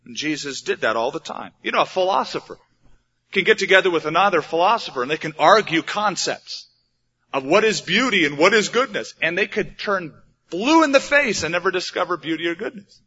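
A man's voice: sits high, lively intonation, brisk, pushed and bright, breathy edge. A man preaching a sermon as a pastor, plain-spoken and conversational, asking the audience rhetorical questions. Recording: dull lo-fi recording.

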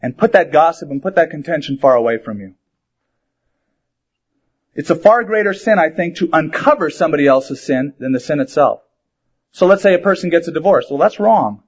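A man's voice: a little high, animated, a little fast, slightly rough. A man preaching a sermon in a conversational way, asking rhetorical questions and mixing in humor. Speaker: pastor. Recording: dull lo-fi sermon recording.

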